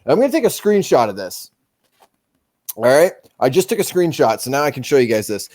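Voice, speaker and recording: A man hosting a casual livestream, giving animated, profane commentary and reading out vote counts. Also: medium pitch, brisk. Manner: profane, animated, reads out numbers. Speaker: livestream host.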